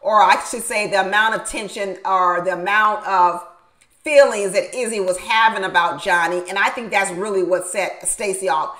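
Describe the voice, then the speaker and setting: A woman giving a casual, animated recap of a reality show, laughing often and repeating her points for emphasis. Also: medium pitch, normal speed, low-quality recording.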